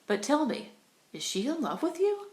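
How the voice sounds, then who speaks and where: A woman's voice: high voice, huge pitch swings, moderate pace, darkish tone, voice pushed up. A woman reading Carly, a blunt coquette. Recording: roomy echo.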